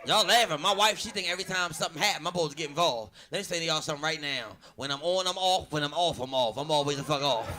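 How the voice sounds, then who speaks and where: On a comedy club stage, a man with a slightly high voice races through his stand-up set with few pauses while also hosting the show. He's loud and animated, swears freely, and acts out every quote, with audience noise audible in the room.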